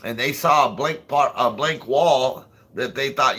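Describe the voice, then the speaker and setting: A man's voice: medium pitch, animated, normal speed, few pauses, bright, forceful tone, breathy edge. A man hosting a casual livestream, rambling and swearing as he chats with viewers and laughs often. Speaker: livestream host.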